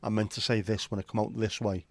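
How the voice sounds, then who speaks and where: A middle-aged man with a Liverpool accent hosts a livestream and talks fast in a low, slightly mellow voice with little pitch movement. His casual chat to the live audience rambles, swears, and leans heavily on his opinions.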